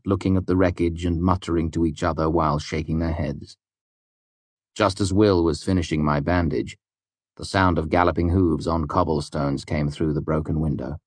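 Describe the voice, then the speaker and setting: A man reading an audiobook in a steady, measured storytelling manner. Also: sits low, no echo. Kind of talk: scripted audiobook narration.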